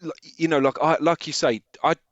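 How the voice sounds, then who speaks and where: A man co-hosting a casual football podcast, talking eagerly in halting bursts. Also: fairly high pitch, fairly even intonation, a bit bright, no echo, muffled recording. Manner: enthusiastic, halting restarts, often laughing. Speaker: podcast co-host.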